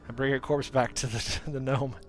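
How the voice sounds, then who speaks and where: A man's voice: mid-range voice, flat delivery, normal speed, faint music behind. A man streaming a card game, giving casual commentary and reading card texts aloud. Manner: muttering, reading cards aloud.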